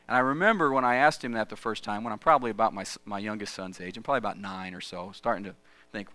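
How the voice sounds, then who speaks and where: A middle-aged man preaching a sermon, mixing scripture with lively, conversational personal stories. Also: fairly low pitch, fast. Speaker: pastor.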